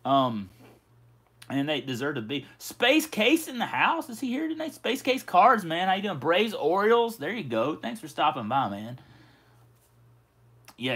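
A man's voice: on the high side, fairly bright tone. Chatty man hosting a livestream. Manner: chatty, reads viewer comments aloud, says "y'all" and "man". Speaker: livestream host. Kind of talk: casual livestream chat.

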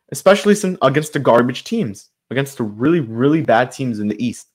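A man's voice: medium pitch, lively intonation, brisk, husky. Male sports channel host, mid-range voice, exasperated improvised fan rant. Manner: frustrated, ranting, loosely improvised with fillers. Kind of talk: solo sports commentary rant.

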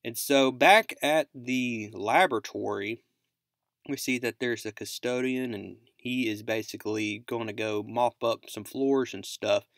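A man's voice: medium pitch, a little slow, a bit bright, no echo. Man casually recapping a comic, dry close sound. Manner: rambling, leans on "basically" and "like". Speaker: comic book recap host.

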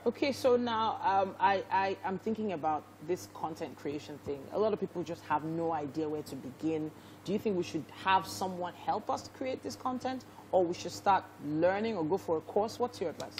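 Low-voiced woman TV host. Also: moderate pace, a little hiss or hum, poor audio. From Nigeria. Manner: relaxed, encouraging, frequent "mm" backchannels. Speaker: TV morning show host. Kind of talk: TV interview hosting.

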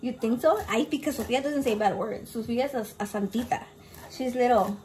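A woman's voice: fairly high pitch, a little fast, a little mellow, slight background noise. A brash woman chatting in a casual cooking vlog from her home kitchen, swearing constantly and mixing in Spanish words. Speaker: home cook vlogger.

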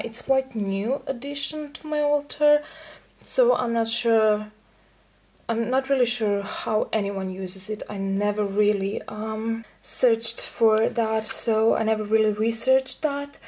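Slow-talking, breathless young woman vlogger. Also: a little high, warm tone. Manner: unhurried, chatty, with frequent fillers. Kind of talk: casual show-and-tell.

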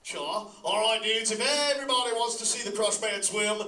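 Here the man's voice is high-pitched at a moderate pace, with a bit of hiss or hum, as he plays a laid-back sea turtle dad of the surfer variety. Stoked and relaxed, he laughs frequently, says "dude" nonstop, and talks straight to a live audience, sounding far away in an echoing hall.

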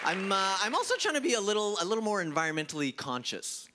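A man doing stand-up comedy on a club stage into a handheld mic, telling stories in an exasperated, lively way. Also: high-pitched, fast, over a noisy crowd. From Africa. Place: comedy club stage before a live audience. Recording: live club set with loud audience and noise.

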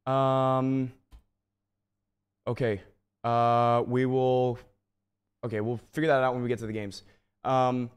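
Excitable slangy young man streaming. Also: on the high side, smooth. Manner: excitable, slangy, addresses viewers as bro and man. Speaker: gaming livestreamer. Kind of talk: casual livestream chat. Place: home.

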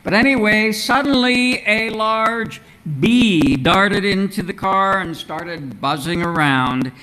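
A man preaching a sermon as pastor in a church, in a measured, earnest way with rhetorical questions. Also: high-pitched, animated, pushed and bright, rough recording. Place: church sanctuary.

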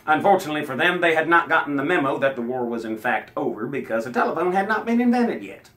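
A man's voice: fairly high pitch, expressive, fast, sharp tone. A man telling a comic history tale and singing folk songs, wisecracking as he goes. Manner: wisecracking, breaks into song. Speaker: folk singer and storyteller.

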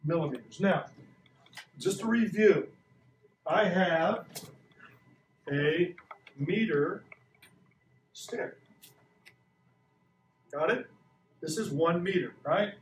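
A man's voice: high voice, extremely slow, pauses often, slight background noise. A man in his sixties teaching a science lesson to a class, playful and quizzing the kids. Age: 60s. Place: school classroom. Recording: echoey classroom from far off.

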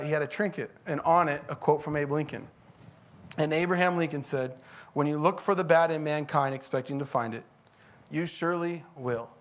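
A man's voice: fairly high pitch, a bit bright. A middle-aged man, a pastor, preaching a conversational sermon that rises into emphatic bursts.

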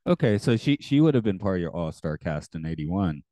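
A man co-hosting a podcast, chatting casually and halting with frequent restarts. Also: low voice, sing-song, mellow, no room sound. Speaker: podcast co-host. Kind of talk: casual chat.

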